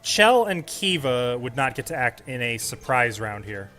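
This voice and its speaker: Game master, man, bright tone, patient rule explainer, faint music under. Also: mid-range voice, sing-song, normal speed. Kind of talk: running a tabletop game.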